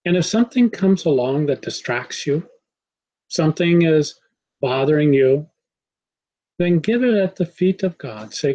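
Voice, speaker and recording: A man giving a spiritual talk, calm, measured and devotional. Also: a little high, highs cut off. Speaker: spiritual teacher. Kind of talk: sermon.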